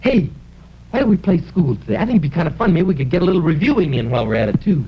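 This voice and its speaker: A playful, boastful dragon puppet coaxes and rambles in a lively, bouncing voice full of hesitations. The sound is a dull, muffled 1950s TV recording with a faint hiss. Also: male voice, a little high, very fast. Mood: coaxing. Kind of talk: 1950s live puppet television.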